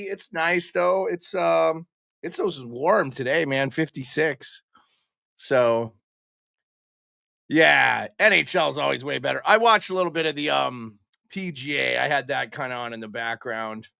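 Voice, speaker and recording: A man's voice: mid-range voice, gravelly, bright, forceful tone, no echo, clean studio sound. A young man hosting a casual pre-game live stream, chatting and greeting viewers by name.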